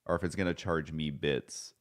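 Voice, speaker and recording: Deep-voiced man rambling on a stream. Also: steady tone, normal speed. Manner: rambling, self-deprecating, swears casually. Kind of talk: casual live-stream chat.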